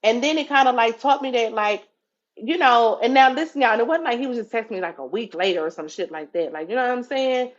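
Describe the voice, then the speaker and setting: A woman's voice: fairly high pitch, quick pace, dull audio. A woman hosting a live stream, talking casually and profanely to her viewers and calling them y'all. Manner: animated, profane, talks straight to viewers with "y'all". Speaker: TikTok live host.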